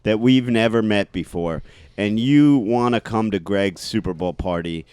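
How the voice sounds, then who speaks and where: A man's voice: on the low side, measured pace, darkish tone, clean tone, dry recording, clean studio sound. A man co-hosting a comedy podcast, chatting and laughing as he tells stories. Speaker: podcast co-host. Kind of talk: casual comedic chat.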